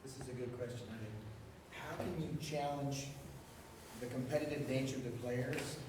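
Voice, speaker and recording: A man asks a question from the audience, his voice flat and even. He sounds far from the microphone, with a long reverb and clear background noise from the hall. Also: medium pitch, moderate pace. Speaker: audience member asking a question. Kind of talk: asking a question in a Q&A.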